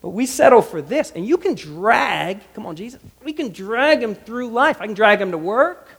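A man preaching a sermon with animated delivery, jumping between loud emphasis and hushed asides, voicing quotes with character. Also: sits high, normal speed, creaky, husky, in a large hall. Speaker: pastor.

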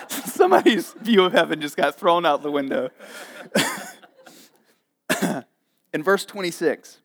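A man with a high voice preaches a sermon with plenty of energy. He jokes with his listeners and acts out the people in the story in a playful, animated way. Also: slow, pauses often. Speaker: pastor.

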